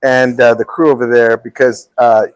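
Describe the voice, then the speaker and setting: A man's voice: medium pitch, normal speed, no echo. A middle-aged man hosting a live show, chatting casually and joking, often repeating his words. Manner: jokey, animated, repeats words. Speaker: host.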